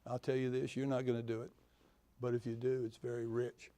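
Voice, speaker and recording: A man's voice: medium pitch, little pitch movement, brisk, mellow, dry recording. A man giving a folksy real estate talk to an audience, telling stories with homespun humor and repeating his key phrases. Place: conference venue.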